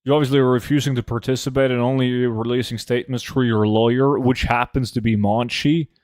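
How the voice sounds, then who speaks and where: A man's voice: mid-range voice, fairly even intonation, fairly quick, darkish tone, no echo, studio quality. Joking young man in casual chat. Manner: joking, rambling, swears freely. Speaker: streamer. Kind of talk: casual gaming chat with friends.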